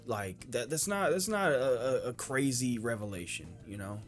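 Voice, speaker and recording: A man reacting to an anime episode in casual commentary. He is emotional and swears a lot, shouting at the screen and then stammering through quiet, halting thoughts. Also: medium pitch, expressive, faint music behind. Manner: exclaims loudly at the screen, then rambles quietly.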